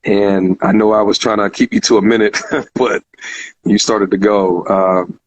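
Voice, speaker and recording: A man's voice: on the low side, level tone, unhurried, dry recording, poor audio. A man hosting a live call-in talk show, speaking casually and heartfelt, repeating phrases with many fillers. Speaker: show host.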